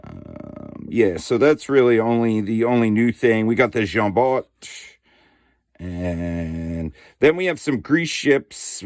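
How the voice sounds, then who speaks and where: A man's voice: lowish voice, smooth, no room sound, studio quality. A middle-aged man hosting a board game channel, talking casually and slangily with many fillers as he shows off a game. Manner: laid-back, slangy, lots of fillers and "dude". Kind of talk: casual unboxing show-and-tell.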